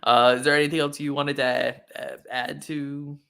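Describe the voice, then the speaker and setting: Man, podcast host, casual chat, easygoing, bright tone. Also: a little high, level tone, moderate pace, vocal fry, clean tone. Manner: easygoing, brief agreeing replies.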